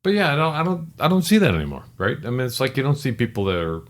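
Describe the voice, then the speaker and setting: A man's voice: medium pitch, very animated, very fast. A middle-aged man co-hosting a casual chat, rambling and correcting himself, with the odd joke. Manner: rambling, self-correcting, joking. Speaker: podcast co-host.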